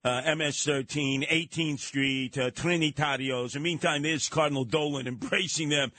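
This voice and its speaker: Animated New talk radio host. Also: male voice, a little high, normal speed. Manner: animated, mocking, acts out voices. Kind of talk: talk radio banter with callers.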